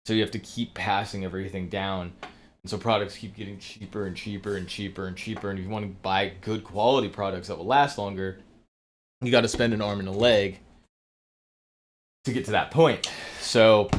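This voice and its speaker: Streamer, male, lowish voice, loose rambling delivery peppered with swearing. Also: steady tone, brisk, a little hiss or hum. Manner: rambling, profane, lots of fillers. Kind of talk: casual livestream monologue.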